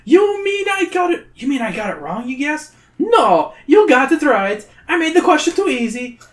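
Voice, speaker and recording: A podcast reader voicing a sly, greedy tiny male troll in a high, giggly, wheedling voice. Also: sing-song, normal speed. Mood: panicked. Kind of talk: character voice while reading a gamebook aloud. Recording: roomy echo.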